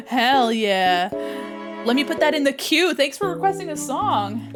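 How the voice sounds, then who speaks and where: A woman's voice: sits high, sing-song, unhurried, loud music behind the voice. A woman streamer chatting casually while she draws. She is bubbly, greets her chat and exclaims often.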